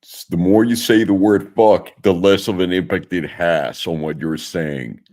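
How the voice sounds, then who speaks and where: A man from Mexico with a lowish voice tells a story in a loose, profane podcast chat. He talks with energy and acts out each person's lines as he goes. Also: measured pace. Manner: animated, profane, acts out quotes. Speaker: podcast host.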